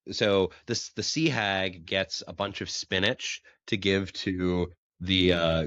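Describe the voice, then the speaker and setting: A man's voice: sits low, a bit bright, no echo, highs cut off. A man co-hosting a casual chat about comics, enthusiastic and often restarting his sentences. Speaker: podcast co-host.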